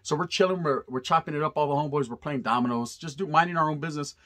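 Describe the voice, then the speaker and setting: A man's voice: a little high, rapid-fire. A middle-aged man telling a story casually and with energy, swearing freely and using lots of street slang. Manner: animated, profane, heavy street slang. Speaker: storyteller vlogger.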